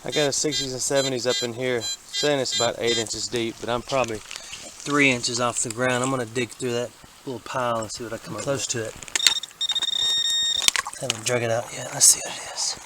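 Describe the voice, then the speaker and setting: A man giving folksy, excitable commentary to a handheld camera as he metal detects in a creek, a bit out of breath. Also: mid-range voice, fairly quick. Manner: excitable, folksy, talks to camera while working. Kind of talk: casual running commentary while detecting. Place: outdoors in a creek. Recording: outdoor camera audio with clear background noise.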